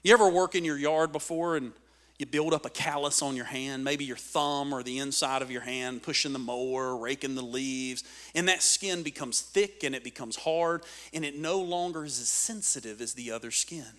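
A man preaching a sermon with dynamic swings between loud emphatic lines and hushed asides. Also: mid-range voice, normal speed. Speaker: pastor.

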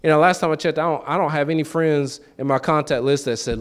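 With a higher, slightly mellow voice, this preacher talks fast and expressively with few pauses. His sermon is loose and conversational, full of questions to the listeners, repeated words, and acted-out quoted voices.

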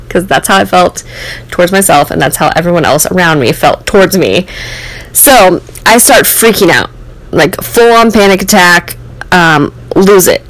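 A woman's voice: lowish voice, moderate pace, no room sound, poor audio. American woman telling a personal story. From United States. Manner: candid, rambling, many fillers and "like". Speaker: host.

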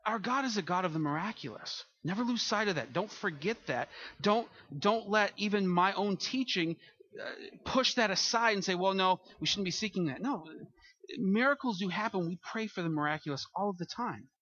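A male pastor preaching with a high, bright voice. He is earnest, stumbles and repeats words as he goes, and lifts his voice to drive points home. The sound is dull and lo-fi. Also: lively intonation, normal speed, breathy edge. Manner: earnest, repeats words and restarts, rises for emphasis. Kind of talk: sermon.

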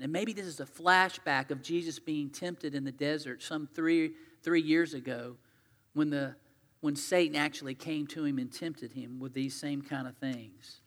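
A man preaches a sermon in a high, bright, forceful voice. He talks earnestly and conversationally, retelling scripture in his own words, and his voice rings with a long echo through a church hall. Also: unhurried. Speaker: pastor.

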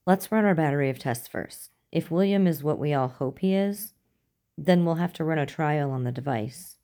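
A woman reading the lines of a stern male general in a measured, authoritative way. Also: low-pitched, warm tone, natural voice. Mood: grave.

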